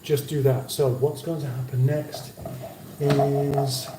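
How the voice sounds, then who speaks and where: A man's voice: medium pitch, little pitch movement, slow, heavy background noise. A man hosting a cooking livestream from his home kitchen, chatting casually and reading viewer comments aloud with dry banter. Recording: roomy kitchen sound from a distance.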